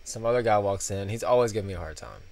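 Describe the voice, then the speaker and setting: A man with a lowish, darkish voice talks at a quick pace as a podcast co-host. Chatting casually, he tells everyday stories from work and chuckles along the way.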